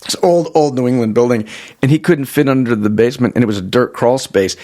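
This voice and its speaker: A mid-pitched man hosts a casual trade podcast. He tells lively stories, acts out other people's lines and laughs often. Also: fast talker. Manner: animated storyteller, acts out quotes, laughs a lot. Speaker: podcast host.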